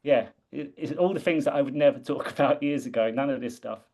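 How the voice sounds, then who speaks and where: A man's voice: medium pitch, a little fast, a little mellow. A man from the UK talking earnestly and reflectively in a casual conversation, often restarting his sentences. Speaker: guest.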